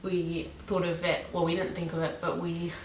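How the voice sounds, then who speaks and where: Low, flat-voiced young woman vlogging. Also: normal speed. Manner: chatty, many ums and likes. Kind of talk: casual pet tag video. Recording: echoey room with faint hiss.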